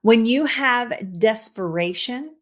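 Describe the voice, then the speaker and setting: A woman, a cancer coach, giving an expressive motivational talk, repeating words for emphasis and laughing at herself. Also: fairly high pitch, slow pace.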